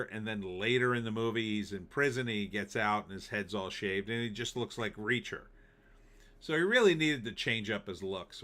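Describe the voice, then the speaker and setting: Middle-aged male host with a bright, sharp tone, opinionated and sarcastic in loose chat. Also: fairly low pitch. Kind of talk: casual live-stream commentary.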